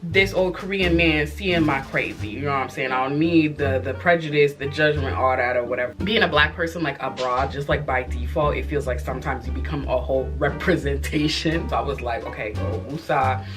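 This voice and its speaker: A woman telling a personal story in a casual vlog, expressive and animated, with frequent cussing and asides to the audience. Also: a bass voice, brisk, few pauses, over music. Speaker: vlogger.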